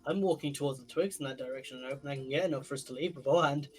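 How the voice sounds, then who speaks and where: A man's voice: medium pitch, a little mellow, soft background music, rough recording. A man playing a tabletop game, joking and laughing often in casual role-play. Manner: jokey, laughs often, quick asides. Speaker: player.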